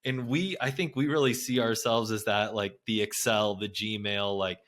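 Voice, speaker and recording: A man's voice: fairly low pitch, steady tone, moderate pace, a bit bright. A man hosting a podcast, chatting casually and joking with rhetorical questions. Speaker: podcast host. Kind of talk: casual interview talk.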